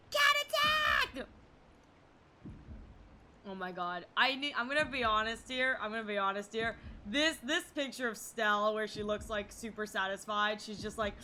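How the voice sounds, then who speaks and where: A woman's voice: high voice, pushed and bright. A young woman streamer chatting casually to her viewers, giggly and rambling. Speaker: game streamer. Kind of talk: casual live-stream chat.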